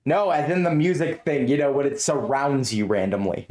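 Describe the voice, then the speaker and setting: A man's voice: medium pitch, normal speed, a little mellow. A man playing in a tabletop game, chatting casually and laughing often as he rambles. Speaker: player.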